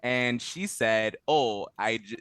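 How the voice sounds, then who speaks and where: A man being interviewed in a casual conversation, relaxed and quick to laugh, with many fillers and restarts. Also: medium pitch, smooth, no echo. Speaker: interview guest, translation company head.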